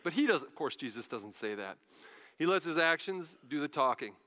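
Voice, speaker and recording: A man preaching a sermon, retelling a Bible story in a lively, casual storytelling manner. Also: a little high, normal speed, big-room sound. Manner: animated storytelling, paraphrases Bible figures in casual voices. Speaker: pastor.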